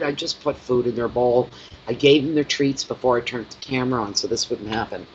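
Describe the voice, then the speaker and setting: Brisk and steady in a mid-range voice, a tarot reader rambles through a casual live stream. He breaks into affectionate baby talk with his cat. The audio is dull lo-fi with faint background noise.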